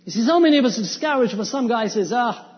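A man's voice: very high-pitched, animated, racing. A man preaching an evangelistic sermon, emphatic and full of rhetorical questions. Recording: dull lo-fi sound with long hall reverb.

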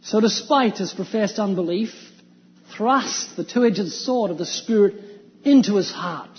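A man's voice: sits high, measured pace. A man preaching an evangelistic sermon, emphatic and full of rhetorical questions. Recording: dull lo-fi sound with long hall reverb.

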